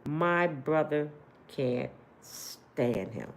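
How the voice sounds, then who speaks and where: A middle-aged woman who tells a personal story casually, in a blunt, animated and slangy way, speaking straight to her viewers. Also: low-pitched, very slow. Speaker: host telling a personal story.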